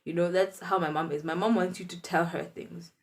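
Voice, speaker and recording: Woman, 20s, lower voice, lively chatty storytelling. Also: fairly quick. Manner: chatty, animated storytelling with laughs. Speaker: vlogger. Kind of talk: storytime vlog.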